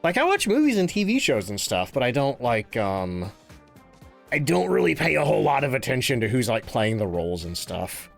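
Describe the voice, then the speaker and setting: A man's voice: mid-range voice, huge pitch swings, moderate pace, creaky. A man streaming live, chatting casually, reading chat aloud and thanking subscribers, often laughing. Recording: faint game music behind the voice.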